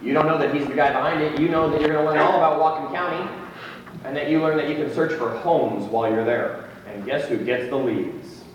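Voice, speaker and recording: A man's voice: fairly high pitch, quick pace. A man presenting a live seminar to an audience in a conference room, joking and speaking to the crowd directly. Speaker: real estate tech seminar presenter. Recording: echoey hall from far off, faint noise.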